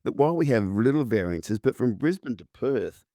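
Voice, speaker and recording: A man's voice: medium pitch, expressive, fairly quick, dark tone, no echo, studio quality. A man with an Australian accent hosting a casual interview podcast, joking and matey with plenty of fillers. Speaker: podcast host.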